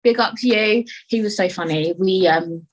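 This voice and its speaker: A woman's voice: mid-range voice, normal speed, poor audio. A young woman hosting a solo podcast, chatting animatedly, swearing freely and slipping in and out of put-on voices. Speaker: podcast host. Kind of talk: casual solo podcast chat.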